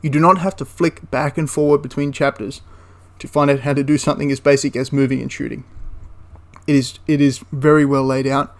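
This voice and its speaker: A man giving a casual, enthusiastic spoken review of a tabletop wargame, rambling into asides and restarting his sentences. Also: fairly high pitch.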